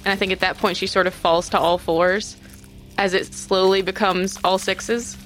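A woman's voice: mid-range voice, fairly even intonation, moderate pace, a bit bright, soft background music. Woman player describing her character.

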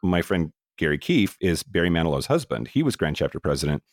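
An older man co-hosting a podcast, talking earnestly with many restarts, tired and a little rough from a cough. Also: low voice, big pitch swings, no room sound, clean studio sound. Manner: earnest, halting with repeated restarts. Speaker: podcast co-host. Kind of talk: casual podcast chat.

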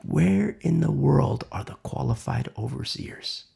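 A man preaching a sermon, swinging from loud emphatic lines to hushed whispers. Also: medium pitch, animated, measured pace, gravelly, slightly rough. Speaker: pastor.

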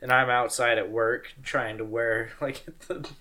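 A man's voice: mid-range voice, level tone, unhurried, bright, forceful tone. A young adult man co-hosting a podcast in casual chat, playful and laughing often. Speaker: podcast co-host.

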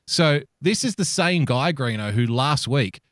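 A man's voice: mid-range voice, animated, a little slow, fairly bright tone, no echo, clean studio sound. A man, co-hosting a podcast in casual chat, sweary and sarcastic, laughing often. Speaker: podcast co-host.

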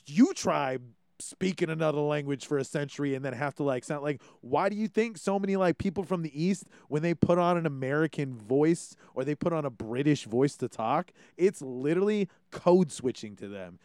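A man's voice: on the high side, animated, normal speed, darkish tone, smooth, no echo, studio quality. A man from Hawaii hosting a podcast, ranting casually and swearing freely as he acts out quotes. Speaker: podcast host. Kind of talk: casual opinion chat.

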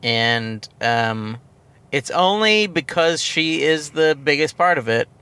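A man's voice: a little high, animated, slow, bright, forceful tone, clean tone. A man co-hosting a movie podcast, chatting casually with dry, wry remarks. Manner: dry, wry, short agreeing replies. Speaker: podcast co-host. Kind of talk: casual movie review chat.

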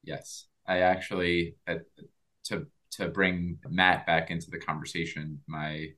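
A deep-voiced man hosts an interview podcast. He asks thoughtful questions in a playful, easygoing way and swears casually now and then. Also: flat delivery, unhurried, pushed and bright. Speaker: podcast host.

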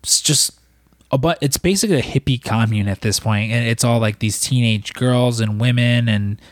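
A man's voice: mid-range voice, moderate pace, no room sound, clean studio sound. A man recapping a film in casual, rambling talk, full of fillers and swearing. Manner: rambling, profane, lots of fillers. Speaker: podcast co-host.

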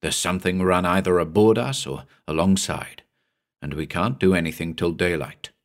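A man reading a story, voicing a stern ship's captain who shouts orders into the fog. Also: deep voice, moderate pace. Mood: urgent. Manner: shouting sternly, urgent commands.

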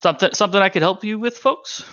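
A flustered young deputy in a fantasy tabletop game, stammering and repeating himself as he politely tries to hold his ground, as a man puts him on. The voice is bright and close, on slightly dull audio. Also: high voice, fast, no echo, voice pushed up. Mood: eager. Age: late twenties (figure). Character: nervous young male small-town deputy.

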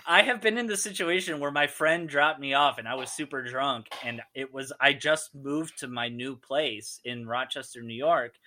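A man chatting casually about a movie, rambling and animated as he retells scenes and acts out the lines. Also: mid-range voice, normal speed.

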